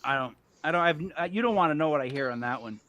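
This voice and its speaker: Loud joking man hosting a casual chat. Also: on the high side, animated, fast talker, dry recording. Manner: loud, joking, repeats himself. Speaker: show host.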